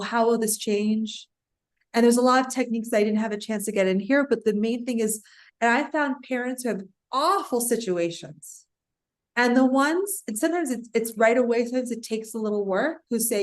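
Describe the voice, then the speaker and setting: A woman, a parental alienation coach, talking as a podcast guest and telling client stories with lively acted-out quotes. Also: on the high side. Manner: animated storytelling, acts out clients' voices.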